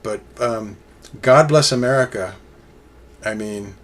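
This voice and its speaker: A man's voice: fairly low pitch, slow pace, a bit bright. Rambling, enthusiastic male album reviewer. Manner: rambling, enthusiastic fan talk with many fillers. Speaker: music reviewer. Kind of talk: casual solo album review.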